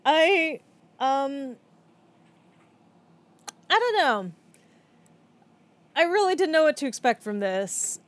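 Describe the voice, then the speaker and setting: A woman's voice: high voice, takes it slowly, long pauses. Outspoken woman in candid chat. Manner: animated, frank, swears freely. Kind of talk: casual chat reviewing a film.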